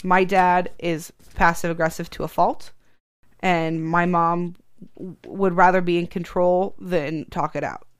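A woman with a fairly low voice talks about relationships in a relaxed way. She is thoughtful and keeps agreeing with her partner as they talk. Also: unhurried. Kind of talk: casual chat.

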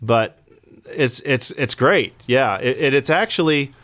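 A man chatting as a guest in a casual interview, excitable and playfully teasing, recorded dry on a handheld recorder mic. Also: medium pitch, unhurried. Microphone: handheld recorder mic, remote call.

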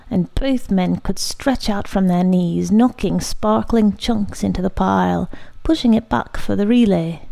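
Slow, gravelly woman reading a story. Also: medium pitch, dark tone. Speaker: narrator. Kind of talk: literary short story reading.

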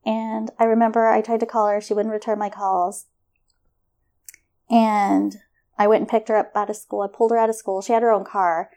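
A middle-aged woman telling a personal story in conversation, animated and acting out the voices of others, often laughing. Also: medium pitch, a little fast. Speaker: guest.

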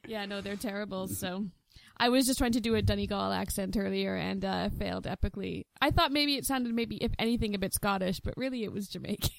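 A woman's voice: mid-range voice, steady tone, creaky, dry recording. A woman with a Canadian accent, chatting on a podcast in a wry, teasing way. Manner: wry and teasing, quick to laugh. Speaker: podcast co-host. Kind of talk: casual chat.

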